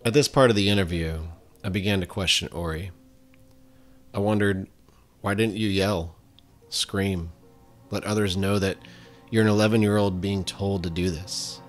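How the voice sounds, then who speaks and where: Male podcast host, very deep voice, measured scripted narration. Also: fairly even intonation, soft background music.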